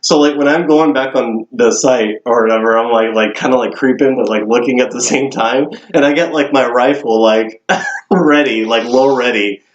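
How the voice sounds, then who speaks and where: A man's voice: mid-range voice, normal speed, roomy sound, muffled recording. A young man casually telling a story on a podcast, swearing and laughing often. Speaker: podcast co-host.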